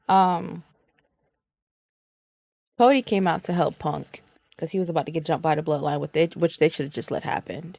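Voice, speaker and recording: A woman's voice: lowish voice, creaky, no room sound. A woman co-hosting a wrestling podcast, talking loosely and profanely with lots of filler ums. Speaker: podcast co-host. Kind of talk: casual wrestling chat.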